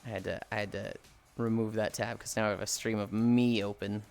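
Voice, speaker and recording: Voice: mid-range voice, level tone, brisk, vocal fry, darkish tone, soft background music. A livestreamer chatting casually with viewers, reading chat aloud and ranting playfully with plenty of swearing. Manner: swears freely, reads and answers chat.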